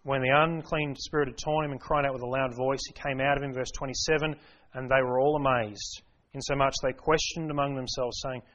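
A man's voice: medium pitch, fairly even intonation, fairly quick, fairly bright tone. A man preaching an expository sermon, explaining scripture in an earnest, emphatic way. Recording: dull lo-fi recording.

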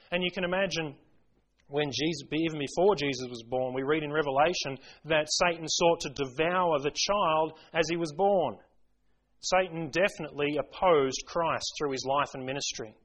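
A man's voice: a little high, a bit bright, poor audio. A man preaching a sermon, earnest and building to impassioned emphasis as he quotes scripture.

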